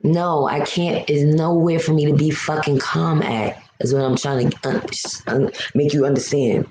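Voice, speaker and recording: A woman's voice: deep voice, steady tone, normal speed, dark tone, reverberant, slight background noise, low-quality recording. A woman from New City, hosting a live stream and venting to viewers in a blunt, emotional, profane way. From New York City.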